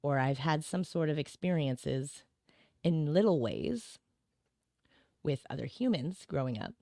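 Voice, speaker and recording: A woman's voice: low-pitched, lively intonation, unhurried, warm tone, no room sound, studio quality. A woman as a podcast guest in casual chat, rambling with many "like"s and tag questions and laughing often.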